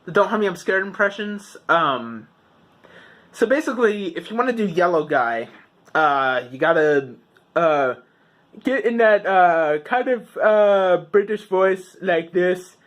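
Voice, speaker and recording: A young man casually explaining how to do character voices, halting with lots of filler words. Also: sits high, expressive, fairly bright tone. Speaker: impressions tutorial maker.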